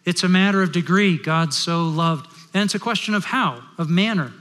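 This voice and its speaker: A middle-aged man preaching a sermon as pastor, telling stories and moving between loud and hushed delivery. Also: high voice, normal speed. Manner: storytelling, shifting from loud to hushed. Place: large worship hall. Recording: long hall reverb.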